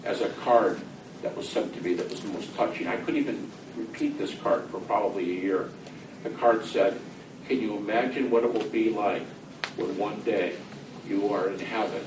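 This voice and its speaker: Man, lowish voice, earnest, middle-aged, distant mic, echoey room, rumbling noise. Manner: earnest, acts out dialogue with God. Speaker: speaker recounting personal grief. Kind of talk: reflective talk.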